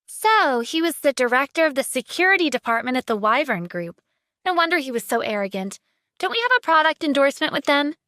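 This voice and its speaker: A woman's voice: high-pitched, sing-song, a little fast, sharp tone, dry recording, voice pushed up, full character voice. A woman voicing a spoiled, arrogant celebrity influencer in an audio drama, speaking with haughty scorn. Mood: scornful. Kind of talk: audiobook character voice.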